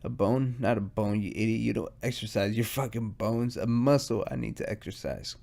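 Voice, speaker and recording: A man's voice: fairly low pitch, normal speed, vocal fry, a little mellow. A stoned man hosting his solo podcast, rambling, swearing and mocking himself as he goes. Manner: rambling, profane and self-mocking. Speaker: podcast host. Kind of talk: casual solo podcast monologue.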